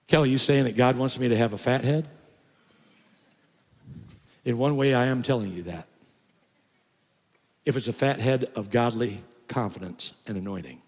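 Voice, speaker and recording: An older man preaching a sermon as a pastor, often rising to loud, high emphatic bursts. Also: normal speed, long pauses. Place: church sanctuary. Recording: reverberant church hall.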